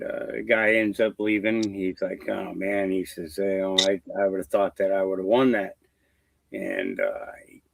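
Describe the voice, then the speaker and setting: A man's voice: fairly low pitch, creaky, dry recording, poor audio. A man telling a long joke in casual chat on a video call, rambling, with many fillers and restarts.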